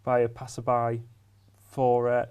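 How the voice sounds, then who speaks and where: A man co-presenting local news in a casual studio chat, pausing often with ums and restarts. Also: mid-range voice, completely flat delivery, darkish tone, clean tone. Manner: hesitant, lots of ums and restarts.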